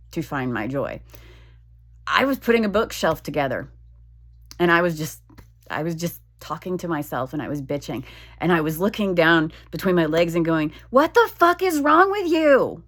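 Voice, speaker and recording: Woman, vlogger, slow unhurried delivery, candid and profane confessional venting. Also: sits low, fairly bright tone. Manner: frank and profane, venting with halting restarts. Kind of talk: personal confessional vlog.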